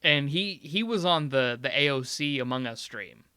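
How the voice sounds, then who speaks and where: A young man co-hosting a podcast in casual chat, animated and quick to laugh. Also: on the high side, smooth, no echo, studio quality. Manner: animated, laughs often, acts out reactions. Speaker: podcast co-host.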